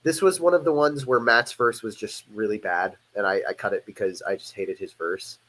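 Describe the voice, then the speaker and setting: A man's voice: on the low side, normal speed, fairly bright tone. A man hosting a livestream, talking casually about his music in a loose, rambling, profane way with frequent restarts. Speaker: host and musician.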